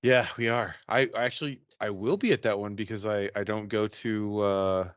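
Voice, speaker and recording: A man co-hosting a podcast in casual banter, animated and emphatic, swearing often. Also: lowish voice, normal speed, clean tone, no room sound, muffled recording. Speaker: podcast co-host.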